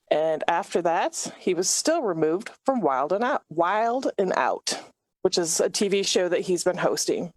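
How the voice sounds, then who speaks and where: A woman's voice: fairly low pitch, lively intonation, measured pace, no room sound. A woman co-hosting a casual live webcast, recounting a news story in a plain conversational way. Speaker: co-host.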